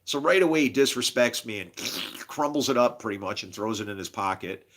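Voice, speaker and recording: A man's voice: medium pitch, fairly quick, a bit bright. A man talking straight to the camera in a rambling, agitated personal monologue, profane and jumping from story to story. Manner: agitated, profane, jumps between stories. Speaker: self-made video host.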